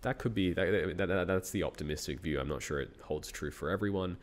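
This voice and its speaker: This is a deep-voiced man in his thirties with an Australian accent, speaking a little fast. A university researcher, he's a guest in a casual interview, thinking out loud and laughing a lot.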